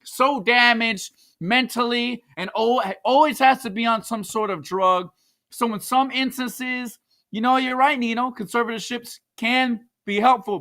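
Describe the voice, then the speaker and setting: A woman co-host giving jokey, animated commentary with frequent exclamations. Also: fairly high pitch, measured pace. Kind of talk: casual commentary.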